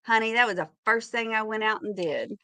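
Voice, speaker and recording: A chatty middle-aged woman with a drawl, hosting a relaxed live-stream sale from her home. Her voice is bright and sits a little high, and she laughs easily between lines. The sound is dry and close. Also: fairly quick, no echo. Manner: chatty, laughs often, greets viewers by name. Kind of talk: casual live-stream chat.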